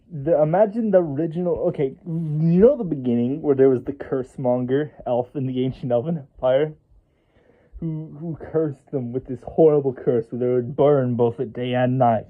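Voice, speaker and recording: A man rambling casually about the fictional world he made, with lots of restarts and an amused tone. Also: mid-range voice. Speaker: creator explaining his fictional world. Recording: thin phone-like audio.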